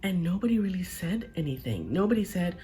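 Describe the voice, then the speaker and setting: Soft music plays behind a woman with a lowish voice who talks fairly quickly. She tells a personal story in an animated, chatty, casual manner, often pausing to check in with "right?" or "okay?".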